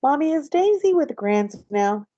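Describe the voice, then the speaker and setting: A woman voicing a gentle, sad young boy who talks softly and in a hush. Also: sits high, big pitch swings, unhurried, voice pushed up. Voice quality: soft, hushed. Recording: slightly dull, dry recording.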